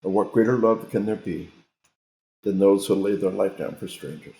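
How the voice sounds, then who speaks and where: A man's voice: low-pitched, normal speed, mellow. A man, a guest military trainer, talking in an emphatic, sermon-like way with frequent restarts. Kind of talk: interview talk, preachy storytelling. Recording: roomy echo.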